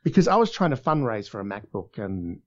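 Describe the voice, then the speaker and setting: An Australian man, a voice actor, chatting casually and telling stories with lively quoted voices. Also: on the low side, a little fast, highs cut off. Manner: animated storytelling, voices in quotes. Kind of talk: casual conversation.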